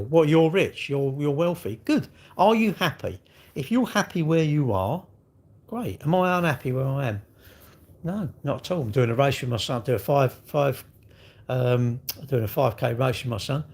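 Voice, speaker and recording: A man's voice: medium pitch, big pitch swings, moderate pace, breathy edge. A middle-aged man, talking alone on his livestream in a blunt, sweary rant full of rhetorical questions. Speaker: livestream host. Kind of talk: casual ranting monologue.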